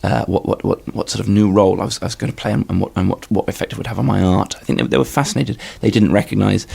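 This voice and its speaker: A young man giving a deadpan, stammering comic interview, repeating words as he goes. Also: lowish voice, fast talker, vocal fry, slightly rough. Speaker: comedian guest. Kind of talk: improvised comedy interview.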